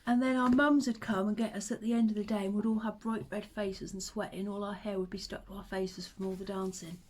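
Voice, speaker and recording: A woman, chatting to the camera and telling old stories in a relaxed, reminiscing way. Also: mid-range voice, fairly quick, a little hiss or hum. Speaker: vlogger. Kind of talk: casual chat to camera.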